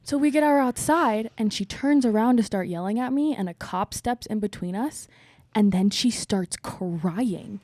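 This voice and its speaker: Brief: young woman co-host, mid-pitched, lively storyteller, dry close studio sound. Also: measured pace, no echo. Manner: lively retelling with acted-out quotes. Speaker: podcast co-host, bar security. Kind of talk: casual chat, animated storytelling.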